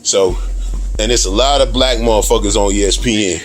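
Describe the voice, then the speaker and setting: A fired-up man vents in a casual video diary, cursing constantly. He chuckles between his points, and soft music plays faintly behind him. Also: lowish voice, fairly quick. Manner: heated, heavily profane, laughs between points. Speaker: video diarist. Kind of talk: casual ranting monologue.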